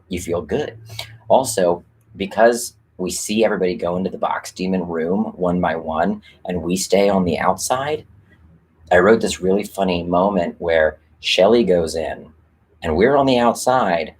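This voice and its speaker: A man with a deep, breathy-edged voice hosts a live stream, casually talking about rewriting a script. His chat is rambling and candid, full of fillers and casual swearing.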